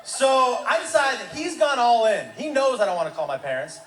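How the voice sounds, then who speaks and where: A man doing stand-up, telling a story in an animated way that bursts into shouting. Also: very high voice, brisk, a crowd in the background. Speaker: comedian. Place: comedy club stage. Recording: roomy live club recording from a distance. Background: audience laughter and room noise.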